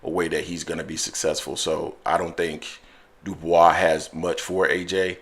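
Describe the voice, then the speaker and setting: A man with a slight Southern accent hosts a call-in sports show in an easygoing, slangy manner. His voice sits very low. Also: normal speed. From Southern US, Florida. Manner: relaxed, laid-back slang. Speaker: host of a call-in boxing show. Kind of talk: casual call-in chat.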